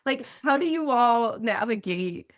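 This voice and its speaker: A woman hosting a casual interview podcast. She asks her questions quickly and often laughs along with her guest. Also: a little high, expressive, dry recording, clean studio sound. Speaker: podcast host.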